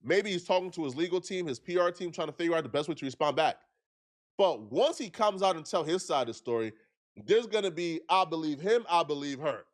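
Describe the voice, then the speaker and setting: A man's voice: fairly high pitch, animated, fairly quick. Earnest man giving argumentative commentary. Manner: earnest, argumentative, repeats himself to make points.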